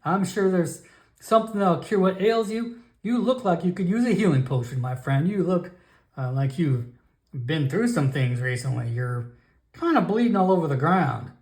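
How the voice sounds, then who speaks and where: A man's voice: a little high, lively intonation, moderate pace, a little mellow. A man voicing a chatty male merchant alchemist who pushes his wares with wheedling sales patter. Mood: coaxing. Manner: wheedling sales patter, calls everyone my friend.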